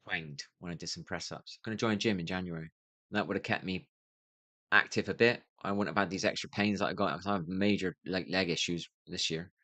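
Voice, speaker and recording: A man's voice: sits low, fairly even intonation, brisk, pushed and bright, no room sound. A man in his fifties streaming his gaming, rambling to himself in a tired, muttering way. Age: 50s. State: tired, yawning. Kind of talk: rambling livestream monologue.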